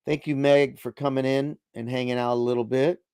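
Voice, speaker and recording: A man's voice: medium pitch, little pitch movement, a little fast, mellow, clear, resonant tone, dry recording, clean studio sound. Laid-back man chatting on a livestream. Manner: chatty, laid-back, reads chat aloud. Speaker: livestream host. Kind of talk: casual live chat reading viewer comments. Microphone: desk microphone.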